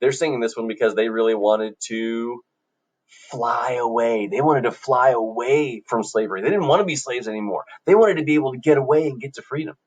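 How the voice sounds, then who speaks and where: A man's voice: medium pitch, fairly quick. A man teaching a classroom music lesson, coaching students in an upbeat way and singing short examples for them to copy.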